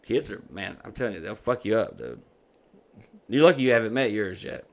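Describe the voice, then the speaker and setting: A man's voice: fairly low pitch, brisk. A man in his thirties, hosting a podcast, telling a story casually with lots of swearing and acted-out quotes. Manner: profane, animated retelling with put-on quotes. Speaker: podcast host.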